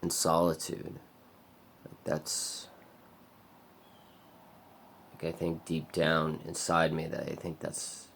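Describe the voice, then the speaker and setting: A man giving a rambling, halting confessional monologue for his vlog, heavy on filler words, who sometimes drops to a murmur. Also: a bass voice, monotone, creaky, a bit bright, slight background noise. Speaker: vlogger.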